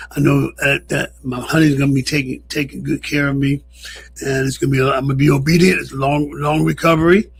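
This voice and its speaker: A man co-hosting a relaxed radio talk show from a studio, laughing his way through stories. His voice sits a touch high and has a gravelly, husky grain. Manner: laughing storyteller. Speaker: co-host. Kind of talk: casual radio chat.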